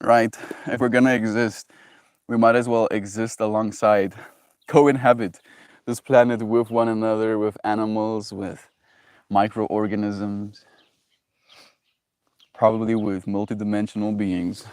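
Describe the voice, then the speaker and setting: A man livestreaming, chatting casually with viewers in a gentle, self-affirming, meandering way, laughing often. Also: lowish voice, little pitch movement, unhurried, long pauses, clean tone, dry recording, studio quality. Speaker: daily livestreamer. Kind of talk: casual reflective chat with viewers.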